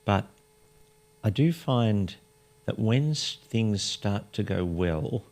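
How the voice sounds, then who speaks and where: A man's voice: lowish voice, animated, slow, darkish tone. A man hosting a conversational interview, speaking candidly and asking probing questions. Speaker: podcast host.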